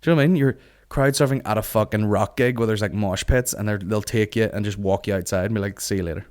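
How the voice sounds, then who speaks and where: Speaking fast in a lower register, a man on his comedy podcast goes on a casual, swear-filled rant. He's animated throughout and mimics the voices of other people.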